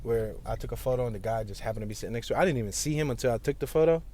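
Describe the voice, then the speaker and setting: A man's voice: medium pitch, very fast, warm tone, slight background noise. A man giving a casual running commentary on a driving tour, chatty and playful, joking and repeating words as he goes. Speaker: vlogger narrating a driving tour. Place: inside a moving car.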